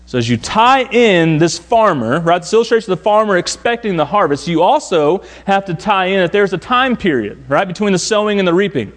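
A young adult pastor preaching a sermon with earnest repetition, rising on some lines and dropping low and soft on others. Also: male voice, expressive, fairly quick, few pauses. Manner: earnest preaching with repetition, swinging between raised and hushed lines.

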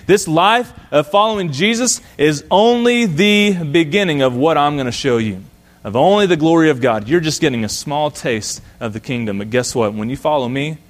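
A man preaching a sermon, voice sitting a little high for a man. He is lively and conversational. He voices the Bible characters as he retells their exchanges. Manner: animated, acts out the Bible characters' lines in conversational voice. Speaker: pastor.

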